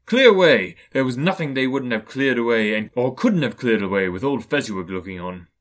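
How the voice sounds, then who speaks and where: A man reading a classic story aloud with lively, expressive storytelling. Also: mid-range voice, fairly quick. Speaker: narrator.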